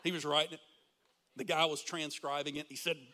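A man's voice: fairly high pitch, fairly even intonation, a little fast, bright, forceful tone. A middle-aged male pastor preaching a sermon in a church, full of rhetorical questions to the congregation. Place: church sanctuary.

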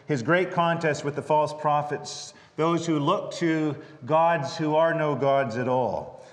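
Guy preaching in a church, kinda high voice, big echo tail, slow dramatic pauses. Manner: dramatic pauses, reads scripture then preaches with wry asides. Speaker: pastor. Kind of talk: sermon. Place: church sanctuary. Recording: long church reverb.

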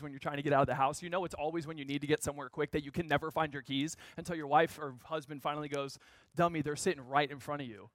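Guy in his 30s preaching a story, high bright voice, dry sound, goes from shouting to quiet. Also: no room sound. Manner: animated storyteller, swings from shouting to hushed. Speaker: guest speaker. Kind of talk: storytelling sermon.

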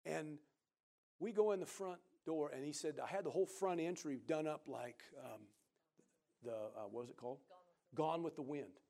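A middle-aged man, preaching and telling a lively personal story, acting out other people's voices. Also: fairly high pitch, moderate pace, gravelly. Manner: animated storyteller who acts out quoted voices loudly. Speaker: pastor. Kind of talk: sermon storytelling.

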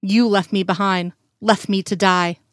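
A woman's voice: medium pitch, steady tone, unhurried, dry recording, close to an everyday voice. Bitter dead male agent, accusing and harsh; woman reader in her own voice.

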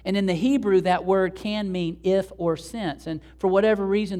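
A man preaching a sermon, conversational and animated, talking straight to the congregation. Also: high-pitched, normal speed. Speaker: pastor.

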